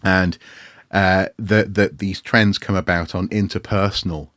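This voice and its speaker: A man's voice: low-pitched, fairly even intonation, a little slow, fairly bright tone, dry recording, studio quality. A man co-hosting a casual podcast, telling a rambling, self-mocking story with lots of restarts. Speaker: podcast co-host. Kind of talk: casual anecdotal chat.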